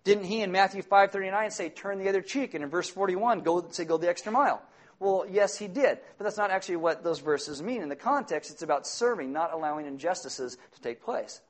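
A man preaching a sermon as pastor, animated, acting out little scenes in exaggerated voices. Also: high-pitched, a little fast.

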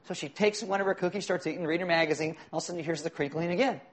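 A man's voice: fairly high pitch, very fast. A middle-aged male pastor giving a sermon in a conversational, joking way, asking the congregation questions. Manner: conversational, jokey preaching with audience questions.

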